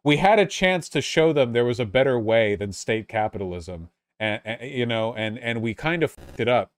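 A man streaming live, chatting casually and excitably with his viewers, swearing freely. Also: medium pitch, moderate pace, dry recording, clean studio sound.

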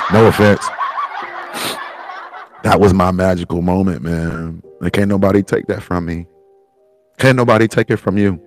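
A man with a low voice talks through tears, swearing and rambling from one thought to the next. Faint music plays behind him as he hosts his own show. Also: darkish tone. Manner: rambling, profane, tearful and laughing. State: crying. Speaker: podcast host. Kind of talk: emotional personal monologue.

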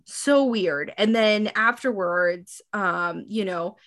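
A woman in casual chat, retelling a movie scene by scene and acting out the characters' lines with lively, sweary energy. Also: medium pitch, takes it slowly.

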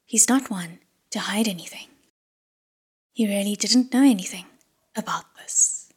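A woman narrating an audiobook in a hushed whisper. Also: medium pitch, measured pace, slightly rough.

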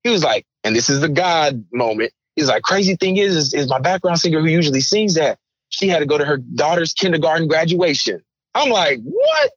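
A man's voice: on the high side, brisk, husky, no echo, muffled recording. A man guest on a podcast, telling a story with energy and acting out the voices of the people in it. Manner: acts out other people's voices, repeats words. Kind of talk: animated storytelling.

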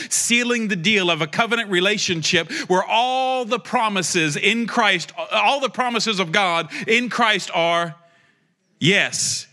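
A man preaching a prophetic sermon, speaking directly to listeners with passion and joking asides. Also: pushed and bright. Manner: impassioned, joking asides, rising to a fervent pitch.

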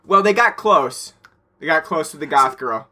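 A man with a bright, slightly high voice, chatting easily with a co-host. He keeps a loose, laid-back rhythm, laughs readily and fills gaps with ums and likes. The talk stays unhurried and friendly. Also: expressive. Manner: laid-back, laughs often, trails off with fillers. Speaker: podcast co-host. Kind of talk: casual chat.

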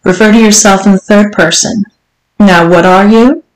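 A woman voicing a haughty, mocking wealthy older lady who talks in a teasing, imperious, drawn-out way. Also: mid-range voice, fairly even intonation, close to an everyday voice. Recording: roomy echo.

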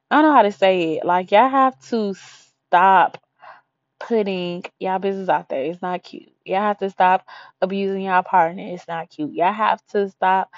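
Young woman, casual vlog rant, blunt and slangy, mid-pitched, dry close sound with a dull, lo-fi edge. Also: no echo. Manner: blunt, slangy, acts out quotes. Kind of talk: casual advice monologue.

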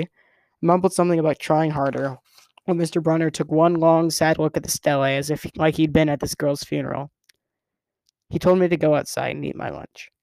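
A man's voice: fairly high pitch, vocal fry, a little mellow, no echo. A man reading a novel aloud as first-person narrator, in a casual storytelling way with the odd stumble. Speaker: reader.

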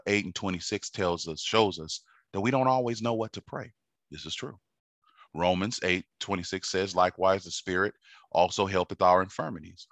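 Low, bright-voiced man preaching. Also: no echo. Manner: repetitive, conversational teaching with frequent check-ins. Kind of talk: sermon.

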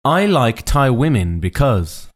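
A man hosting a relaxed podcast interview, with a voice at an ordinary mid pitch. He prompts his guest with drawn-out sentence starters, like a quiz. The talk is easygoing and friendly. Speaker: podcast host. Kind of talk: casual interview chat.

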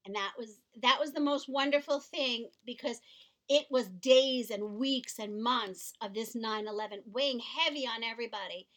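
A middle-aged woman co-hosting a podcast, speaking earnestly and warmly about a serious topic, often repeating words as she goes. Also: on the high side, moderate pace. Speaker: podcast co-host.

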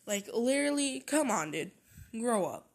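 A woman's voice: a little high, big pitch swings, moderate pace. A woman vlogging in a casual rant, swearing constantly and repeating herself.

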